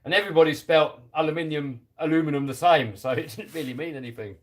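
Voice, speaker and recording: A British man talks casually on a live stream, reading out viewer comments while he works on a model car. His voice sits slightly high for a man, and he laughs easily. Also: fast talker. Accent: British English. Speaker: RC hobby YouTuber reading live chat.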